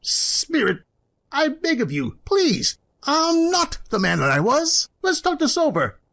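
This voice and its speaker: A woman voicing a grumpy old miserly man in an animated film, pleading and dramatic. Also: high-pitched, unhurried, full character voice.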